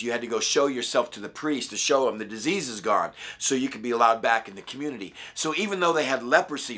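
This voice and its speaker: A man with a raspy voice, a pastor giving a short daily devotional, reading scripture and talking earnestly and conversationally. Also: mid-range voice, fairly bright tone. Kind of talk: daily devotional Bible study.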